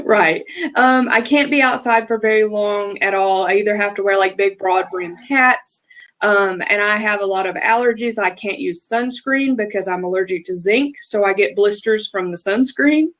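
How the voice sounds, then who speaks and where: A woman's voice: medium pitch, normal speed, a bit bright, rough recording. A woman with a Southern US accent, a guest telling her story at length in a casual interview over a video call, with small restarts. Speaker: guest, feng shui practitioner.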